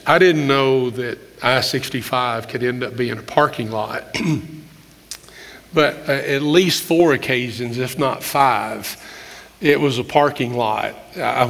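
An older man, a pastor, preaching a conversational sermon with candid stories, often clearing his throat and restarting phrases. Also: mid-range voice, a bit bright. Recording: long reverb of a large hall.

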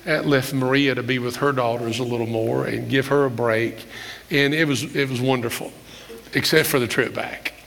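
An older man, a pastor, preaching a conversational sermon with candid stories, often clearing his throat and restarting phrases. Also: mid-range voice, fairly even intonation, moderate pace, a bit bright, a little hiss or hum. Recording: long reverb of a large hall.

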